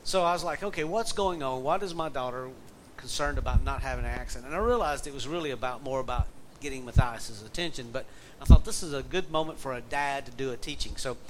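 A middle-aged pastor with a Southern accent talks fast in a medium-pitched voice, delivering a conversational sermon. He tells a folksy family story and reads scripture aloud, with a faint air conditioner humming in the background.

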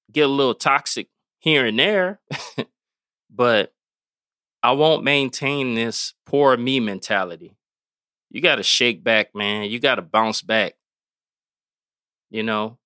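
A man speaking slowly and with weight, as if each line needs to land. His voice is bright and smooth, recorded close and dry, in the tone of a host urging listeners to change their outlook. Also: mid-range voice, no echo. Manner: earnest, slow and emphatic, plain-spoken. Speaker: podcast host. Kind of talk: motivational monologue.

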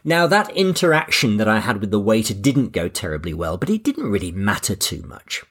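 A man with a slightly husky voice hosts a podcast in a relaxed, anecdotal way. His pitch rises and falls with a lively swing, and he pokes gentle fun at himself as he talks. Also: brisk. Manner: relaxed, anecdotal, self-deprecating. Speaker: podcast host. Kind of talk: scripted podcast narration.

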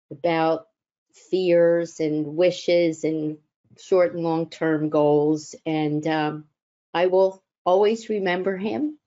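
Woman chaplain, reflective storyteller, unhurried delivery, warm dark tone. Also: on the low side, highs cut off. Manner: slow, gentle, reflective with filler pauses. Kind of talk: personal storytelling talk.

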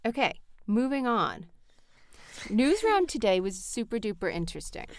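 A woman's voice: on the high side, big pitch swings, normal speed, dry recording, studio quality. A mother hosting a podcast, chatting in a rambling, affectionate way with her child. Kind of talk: casual chat with her child.

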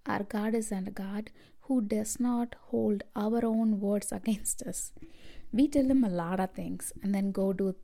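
Woman with a gravelly, dark voice. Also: medium pitch. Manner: earnest, personal and reflective. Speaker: podcast host giving a devotional. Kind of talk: devotional podcast talk.

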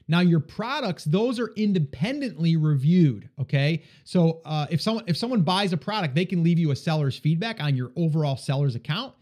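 A man's voice: high voice, a little mellow. A man hosting an advice podcast, answering listener questions in a casual coaching way and often checking in with "okay?". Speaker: podcast host.

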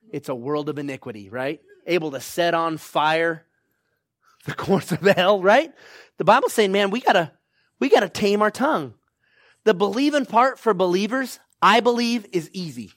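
Man, pastor, high voice, dry close sound, exhorting sermon, repeats "come on now". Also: lively intonation, moderate pace, fairly bright tone, no echo.

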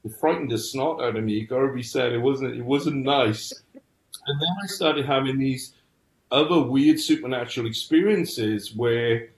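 Speaking at normal speed in a mid-range voice, a middle-aged man from the United Kingdom recounts his personal experiences on a podcast. He is earnest but frequently starts over, and echo fills the room.

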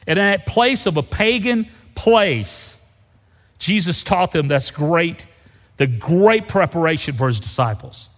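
A man preaches to his congregation with a lively, swooping delivery that sits a little high. He hammers his points, then drops to a hushed low for the key phrases. His voice rings out with the long reverb of a church hall. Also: unhurried. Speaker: pastor. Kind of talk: sermon. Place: church sanctuary.

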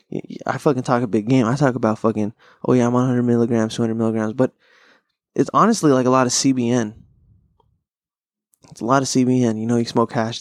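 A man hosting his own podcast in a relaxed, meandering way, swearing freely as he goes. His voice sits at a middle pitch with a gravelly, fry-heavy edge. He is close on the mic in a dry, dead-sounding space. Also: dry recording. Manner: rambling, profane, laid-back stoner talk. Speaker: podcast host. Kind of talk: casual solo podcast chat.

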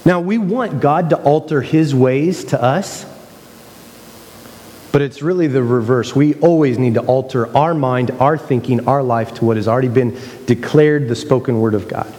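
A man's voice: medium pitch, moderate pace, warm tone, big-room sound. A man preaching a sermon in a conversational way, acting out playful mock quotes. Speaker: pastor.

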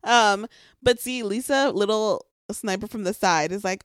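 A woman recapping a reality show in casual chat, excited and gossipy, swearing often and filling with "like". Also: medium pitch, measured pace, no room sound, studio quality.

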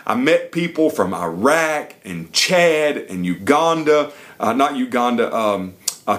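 A middle-aged man preaching, telling a personal story in a lively, emphatic sermon style. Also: medium pitch.

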